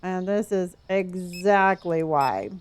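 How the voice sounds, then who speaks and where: A woman's voice: on the low side, takes it slowly, a little hiss or hum. A middle-aged woman streaming a game, chatting playfully with viewers and answering their chat messages.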